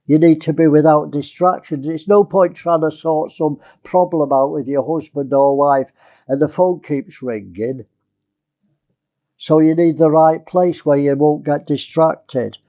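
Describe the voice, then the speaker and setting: A man's voice: on the high side, mellow. A male preacher giving a conversational sermon, asking his listeners rhetorical questions.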